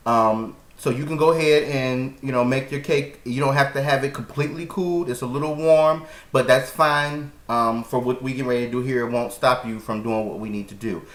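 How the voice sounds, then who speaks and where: A man's voice: mid-range voice, brisk, few pauses, a bit bright. A man hosting a casual cooking vlog from his home kitchen, talking in a sassy, profane, campy way. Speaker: cooking show host. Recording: echoey room, mic at a distance.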